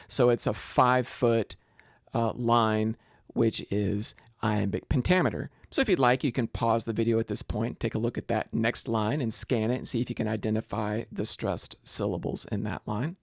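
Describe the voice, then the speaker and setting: A man's voice: fairly low pitch, unhurried, creaky, dry recording, studio quality. A man lecturing on poetry in a recorded video lesson. He explains step by step and often restarts his phrases. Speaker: literature lecturer.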